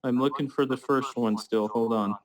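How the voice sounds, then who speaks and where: A man's voice: mid-range voice, fairly even intonation, normal speed, a crowd in the background, poor audio. Hesitant man on a video call. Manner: hesitant, keeps asking for a moment while searching. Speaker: student. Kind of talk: casual chat on a video call.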